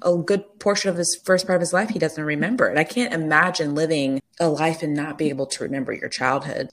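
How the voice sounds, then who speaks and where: Deep-voiced woman, excitable podcast co-host, casual chat. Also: fast. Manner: excitable, cackling storyteller.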